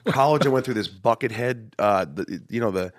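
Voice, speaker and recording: Podcast host, male, low voice, dry close sound, animated, self-deprecating storyteller. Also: moderate pace, no echo. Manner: animated, self-mocking, jumps into acted voices. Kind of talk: casual storytelling chat.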